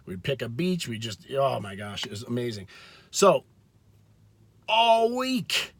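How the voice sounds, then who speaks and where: Guy doing a faith talk to camera, earnest, chatty, mid pitch, leans hard on key words. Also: animated, slightly rough. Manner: earnest and conversational, with frequent restarts and emphatic slow stresses. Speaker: video host.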